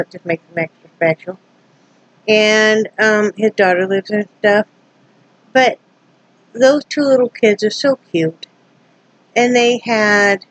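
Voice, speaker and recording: Animated woman vlogger telling a story. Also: medium pitch, breathy edge, dry recording, lo-fi sound. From Wyoming. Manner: animated retelling, acting out both sides of a tense encounter; earnest, rambling, many restarts. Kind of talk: casual storytelling to camera.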